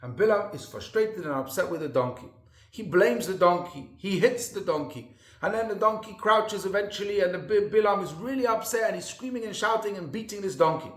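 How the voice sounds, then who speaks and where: A man's voice: sits high, animated, a little fast, roomy sound. A man rabbi giving a sermon in an earnest storytelling manner with emphatic repetition.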